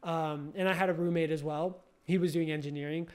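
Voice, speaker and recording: A man's voice: a little high, fairly even intonation, fairly quick, smooth. A young man casually recounting a story, rambling with lots of fillers and restarts. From California. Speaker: podcast host.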